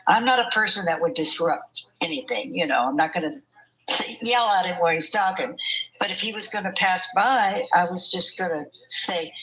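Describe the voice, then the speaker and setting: A woman's voice: lowish voice, moderate pace, bright, forceful tone, poor audio. An older woman telling her story in an interview, chatty and often laughing as she talks. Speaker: interview guest. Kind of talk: conversational storytelling.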